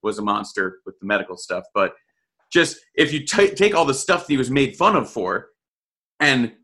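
Male co-host, bright forceful tone, blunt and profane, casual rant. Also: mid-range voice. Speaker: podcast co-host. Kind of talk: casual sports podcast chat.

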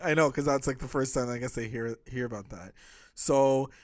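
A young man co-hosting a casual chat, retelling a TV episode quickly with lots of fillers and acted-out quotes. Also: medium pitch, darkish tone, no echo, clean studio sound. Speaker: podcast co-host recapping a TV episode.

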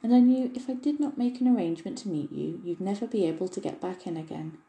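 A woman's voice: fairly low pitch, quick pace, creaky, mellow, rough recording. A woman voicing a small, kind, mischievous male elf with a droll, chuckling way of talking, reading a storybook. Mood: teasing.

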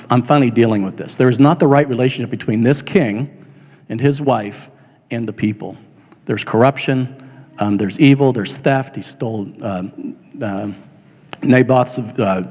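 A male pastor giving a sermon in a conversational, halting way with many fillers, rising now and then to an impassioned retelling. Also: mid-range voice, a little mellow, muffled recording. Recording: long reverb of a large hall.

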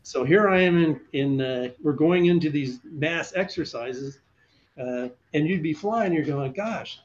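An older man spins animated stories in a conversational interview and jumps into voices for the people he quotes. His voice sits a touch high for a man. The recording sounds slightly dull and lo-fi. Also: a little slow. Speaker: guest, retired fighter pilot.

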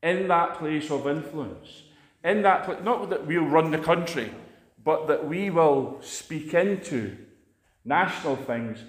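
A man's voice: on the high side, roomy sound. Chatty Scottish preacher man. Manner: chatty, anecdotal storytelling. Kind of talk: conversational sermon.

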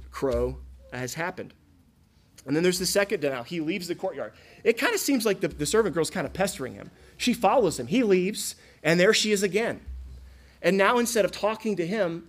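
A man from Florida preaching a sermon in a casual, conversational way, often asking the listeners questions. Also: a little high. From Florida, USA. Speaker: pastor.

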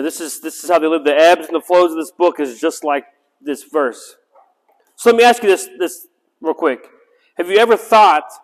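A man teaching a Bible study, reading scripture aloud and breaking into chatty asides that end in "right?". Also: a little high. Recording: long reverb in a hall.

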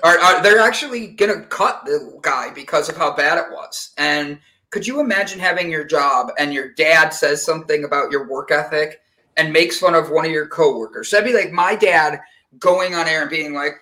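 An animated male talk-show host who spins stories and slips into other people's voices as he goes. His voice sits a little high for a man and has a bright, forceful edge. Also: moderate pace. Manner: animated storyteller who acts out quotes. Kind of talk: casual radio show banter.

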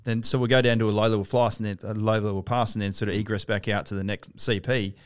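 A low-voiced Australian man talks bluntly, swearing freely and restarting his sentences as he goes. The recording is close and dry, with no room sound. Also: flat delivery, quick pace, smooth, no echo. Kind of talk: casual chat.

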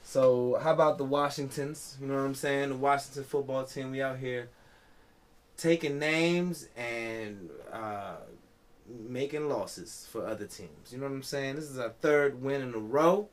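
A man's voice: mid-range voice, measured pace. A tipsy man hosting a podcast, rambling casually and profanely, with a constant "you know what I'm saying.". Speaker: podcast host.

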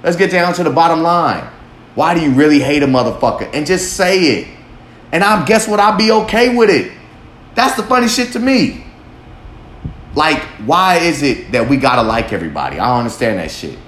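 A man's voice: a little high, fairly bright tone. A man hosting a podcast who talks bluntly and swears constantly in a rambling monologue. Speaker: podcast host. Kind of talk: profane monologue. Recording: echoey room, faint background hum.

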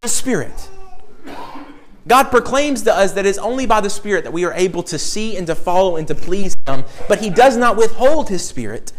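Emphatic high-voiced male preacher. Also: expressive, brisk, fairly bright tone, low-quality recording. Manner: emphatic, repetitive preaching cadence. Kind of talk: sermon.

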